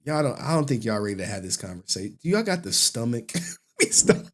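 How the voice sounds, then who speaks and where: A man's voice: medium pitch, big pitch swings, fast talker, fairly bright tone. A man hosting a livestream, casual slangy commentary with frequent laughter. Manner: slangy, loose, laughs often. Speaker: livestream host.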